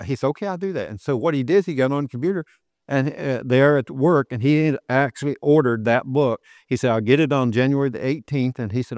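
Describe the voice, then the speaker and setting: An older man delivers a sermon in a conversational storytelling way. He pushes into emphatic, repeated lines and slows right down when he reads scripture. The sound is dry and close, and his voice sits at an ordinary middle pitch. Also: a little mellow, dry recording. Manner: storytelling, rising to emphatic preaching, slowing for scripture. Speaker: preacher.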